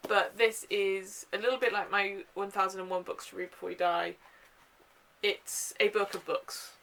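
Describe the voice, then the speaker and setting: A young woman talking casually to her camera at home, chatty and enthusiastic, filling pauses with ums and uhs. Her pitch sits in a middle range. A faint hiss runs under the recording. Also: steady tone, vocal fry, fairly bright tone, poor audio. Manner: chatty and gushing, with frequent fillers. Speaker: book vlogger. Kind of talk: casual book haul chat.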